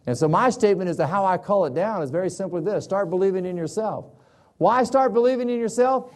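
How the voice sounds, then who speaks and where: A man's voice: fast, darkish tone. Folksy man giving a seminar. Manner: storytelling, folksy, varies pitch widely for emphasis. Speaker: motivational speaker. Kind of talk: motivational seminar talk.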